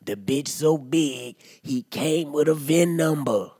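A rowdy drunk uncle holds forth with a husky, breathy voice, as a man puts him on. He rants and swears loudly, then sinks into low asides in a comic monologue. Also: expressive, slow pace, dry recording, studio quality, exaggerated voice. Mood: ranting. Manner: loud profane rant, swings to low mutters. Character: rowdy drunk middle-aged uncle ranting. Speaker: comedy podcast character. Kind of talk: comedic monologue.

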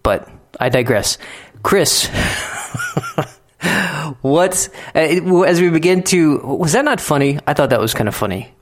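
A man's voice: fairly high pitch, very animated, moderate pace. Male podcast host, easygoing and joking. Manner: joking, playful. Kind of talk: casual podcast discussion.

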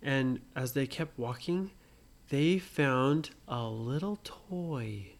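A man slowly telling an improvised bedtime story to a child, gently asking the listener questions as he goes. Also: medium pitch, expressive, vocal fry.

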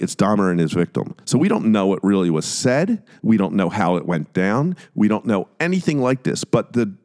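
Brief: male podcast host, lowish voice, casual critical commentary. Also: a little mellow. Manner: conversational, critical, retelling scenes.

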